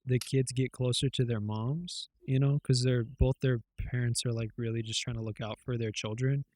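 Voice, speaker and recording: A man's voice: medium pitch, fairly even intonation, moderate pace, a little mellow. A man co-hosting a podcast, retelling things in a loose, rambling way with lots of fillers and swearing. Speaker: podcast co-host. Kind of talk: casual chat.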